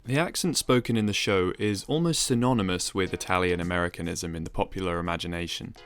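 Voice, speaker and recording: A man giving a measured, explanatory, scripted narration for a video essay. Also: low-pitched, fairly bright tone, faint music behind.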